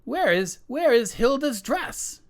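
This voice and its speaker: A man's voice: very high-pitched, very animated, takes it slowly, voice pushed up, full character voice. A man voicing a furious, imperious queen who shrieks accusations at those around her. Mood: shrill, furious. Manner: shrieking, commanding.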